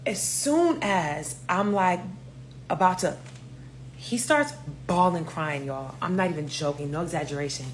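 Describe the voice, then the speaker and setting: A young woman from New York with a New York accent, telling a story in a casual, animated way, swearing freely and acting out the other voices. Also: lowish voice, a little slow, slight background noise.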